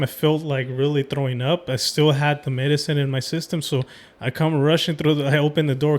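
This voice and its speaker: A man hosting a podcast, telling a personal story in a rambling casual way with many fillers. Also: on the high side. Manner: rambling, full of "um" and "like". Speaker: podcast host.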